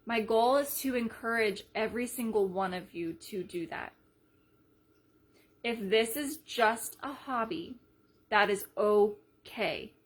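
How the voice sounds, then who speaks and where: A woman leading a sales team in a casual live video, chatty and energetic, retelling conversations as she goes. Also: on the high side, takes it slowly. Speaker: team leader.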